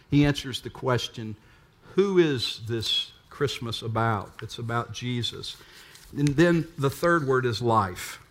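A man's voice: mid-range voice, pushed and bright. A man preaching a sermon, full of rhetorical questions to the congregation. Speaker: pastor.

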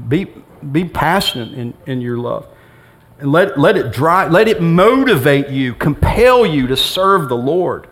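A man's voice: fairly high pitch, big pitch swings, a little slow. A middle-aged male pastor giving a sermon in a church, conversational and humorous, acting out bits of dialogue. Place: church sanctuary with congregation.

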